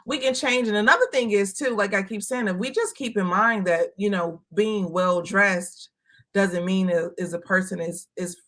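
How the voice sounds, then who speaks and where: Woman from Chicago, bright tone, candid and emphatic, casual chat. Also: medium pitch, normal speed. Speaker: co-host.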